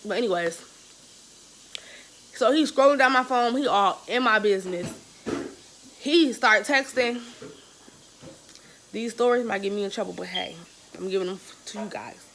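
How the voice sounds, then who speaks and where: A young woman vlogger telling a story in a casual, animated, slangy and profane way. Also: medium pitch, normal speed, pauses often, a little hiss or hum, rough recording.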